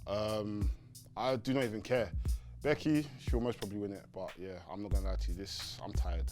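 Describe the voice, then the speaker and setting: A man's voice: lowish voice, fairly even intonation, brisk, over music. A young man, sounding weary and dismissive in a casual wrestling chat.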